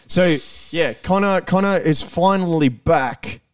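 Aussie guy cohosting a chat podcast, excitable and sweary, dry sound, mic kinda far off. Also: on the high side, slow pace, clean tone, dry recording. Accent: Australian. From Australia. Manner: blunt, excitable, swears freely. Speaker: podcast co-host. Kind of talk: casual chat.

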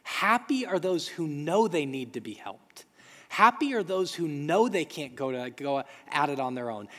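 A man's voice: a little high, animated, moderate pace, pushed and bright. Earnest preacher man, reverberant hall. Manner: earnest, emphatic repetition. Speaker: pastor. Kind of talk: sermon.

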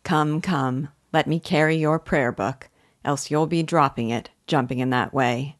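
Gentle old village weaver, humble and soft-spoken, read by a woman in a low register. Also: measured pace, no echo, studio quality. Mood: fond. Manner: mild, plain country speech.

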